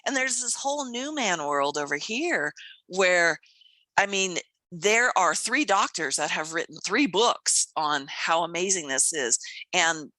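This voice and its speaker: Speaking at a measured pace in a fairly low pitch, a woman in her fifties co-hosts a podcast and keeps the casual chat lively, laughing often and imitating the people she quotes. The recording is dry and the audio poor.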